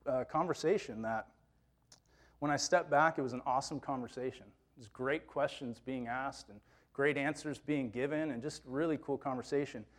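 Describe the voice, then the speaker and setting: Man telling a personal sermon story. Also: a little high. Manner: personal, conversational, self-quoting. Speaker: youth minister preaching.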